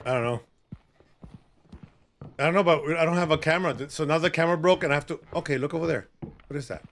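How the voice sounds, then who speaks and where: A man streaming a horror game live, talking to his co-player and yelping and shouting in panic. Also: on the high side, fast. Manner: excitable, yelps and shouts in panic. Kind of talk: live gameplay commentary.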